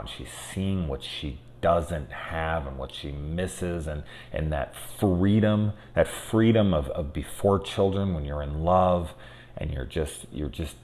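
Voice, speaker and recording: A man in his thirties talks through a horror film in a casual, unscripted review. His voice sits very low. He swears often and swings from soft, reflective asides to loud, worked-up outbursts. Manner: candid and profane, swinging from quiet musing to loud exasperated outbursts.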